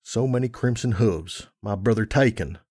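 A man reading a fan story, voicing a scheming stallion warlord who speaks quietly and cuttingly. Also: fairly low pitch, moderate pace, husky, no room sound, clean studio sound. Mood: cold contempt.

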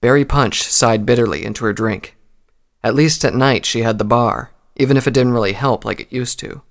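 A man reading a story aloud in a calm, measured narration. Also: mid-range voice, gravelly.

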